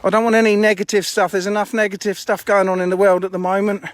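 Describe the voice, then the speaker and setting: A man's voice: sits high, flat delivery, quick pace, no echo. A man chatting bluntly on a phone live stream while walking around his fishing lakes outdoors, a bit out of breath and swearing casually. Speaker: fishery owner streaming live.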